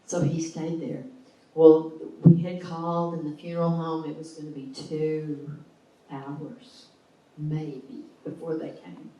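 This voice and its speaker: A middle-aged woman with a drawl tells her testimony, her voice low and mellow, slipping into the voices of others with raw feeling. She sounds set back from the mic in a very echoey hall. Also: little pitch movement, takes it slowly, recorded from a distance. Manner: emotional, acts out the voices in her story. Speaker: guest speaker sharing a testimony. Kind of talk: personal storytelling testimony. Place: church hall.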